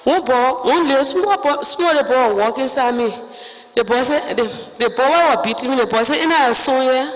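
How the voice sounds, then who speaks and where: A woman with a Liberian English accent giving spoken testimony in halting, broken phrases, acting out other people's words as she goes. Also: sits high, big-room sound, rough recording.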